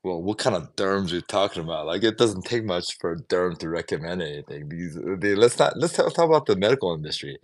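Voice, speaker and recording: A man's voice: low-pitched, expressive, brisk, hardly any pauses. A man ranting in an opinionated, casual way on a livestream, swearing now and then. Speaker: livestream vlogger.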